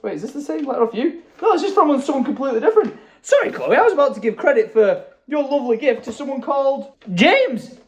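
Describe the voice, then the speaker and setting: A man, chatting casually at home in a vlog, excitable and quick to jump up in pitch when delighted. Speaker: vlogger. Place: at home, indoors.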